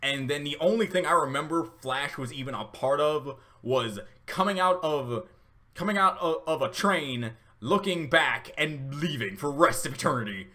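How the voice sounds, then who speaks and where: A man's voice: on the high side, expressive, normal speed, pushed and bright. A man hosting a casual reaction video, rambling with many fillers and restarts, and getting emotional at times. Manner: emotional, laughing through tears.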